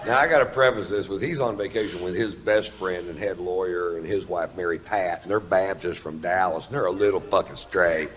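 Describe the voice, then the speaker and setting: A man's voice: low voice, a little fast, hardly any pauses, a bit bright, a little hiss or hum. A man telling a long stand-up story in a laid-back, profane, drawling way. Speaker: stand-up comedian. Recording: played stand-up clip.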